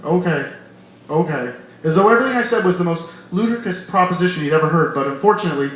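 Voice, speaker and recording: A man reading his own novel aloud at a live reading, in measured, quiet first-person narration. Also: sits high, animated. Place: bar hosting a reading series. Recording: echoey bar room with light noise. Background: faint bar ambience.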